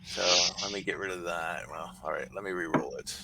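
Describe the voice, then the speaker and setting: A man's voice: low-pitched, steady tone, fairly quick, creaky, heavy background noise. A man playing in a tabletop game, talking in an eager, direct way. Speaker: player. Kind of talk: casual tabletop game chat.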